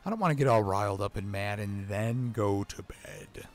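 A gamer dad with a lowish voice grumbles at a video game and swears a lot in his let's play commentary, speaking at normal speed over soft background music.

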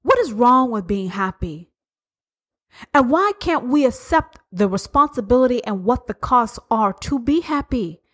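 A woman's voice: a little high, sing-song, a little slow. A woman hosting a podcast, talking straight to her listeners in a blunt, profane monologue that leans on repetition. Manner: profane, emphatic and repetitive, addressing listeners directly. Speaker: podcast host.

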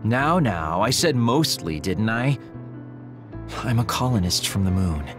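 Sly evasive male schemer, teasing drawl, lively pitch, over game music. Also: unhurried. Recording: game audio with music behind.

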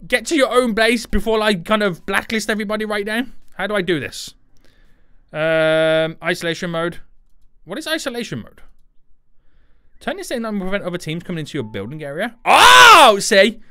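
A man streaming a game live, excitable and often breaking into shouts. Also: sits high, brisk, clean tone, dry recording, studio quality.

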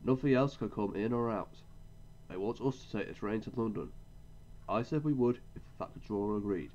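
A man voicing an excited male train driver who explains things plainly. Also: lowish voice, a little fast, muffled recording, slight background noise, natural voice.

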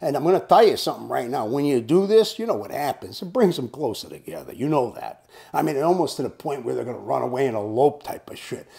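A man's voice: medium pitch, sing-song, fast talker, creaky, dark tone. A man in his seventies telling a personal story in a casual way. He talks bluntly and swears freely, like a tough guy. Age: 70s. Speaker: storyteller host.

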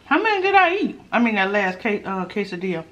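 Woman host for an eating show, chatty and giggly, middle pitch with a lively, bouncing melody. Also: quick pace, dull audio. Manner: chatty, giggly, talks to viewers while eating. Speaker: mukbang host. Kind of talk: casual eating-show chat.

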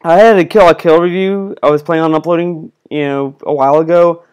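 A man's voice: fairly high pitch, fairly even intonation, quick pace, darkish tone, clean tone. A man commenting casually over a stream video, with mocking, sarcastic asides. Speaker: vlogger reacting to a stream.

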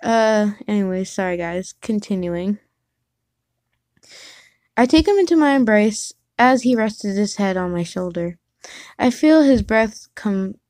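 A woman's voice: medium pitch, no room sound. Giggly woman reading fan fiction aloud. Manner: casual, giggly, stops to correct herself. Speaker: reader.

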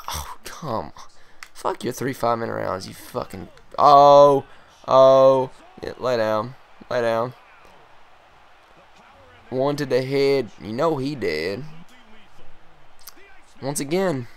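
A young man swearing and yelling while commentating his own fighting game, sometimes calming himself down. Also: medium pitch. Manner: profane, yelling and groaning at the game. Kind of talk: live gameplay commentary.

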